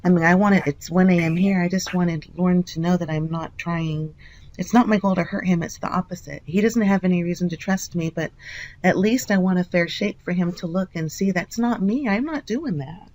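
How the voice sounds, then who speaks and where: Earnest caller, mid pitch, apologetic and reassuring on a phone call. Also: fairly quick, darkish tone.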